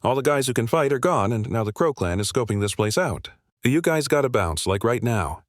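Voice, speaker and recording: A man reading the lines of a weary old village grandfather who speaks deadpan. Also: mid-range voice, fairly quick, dry recording, clean studio sound, natural voice.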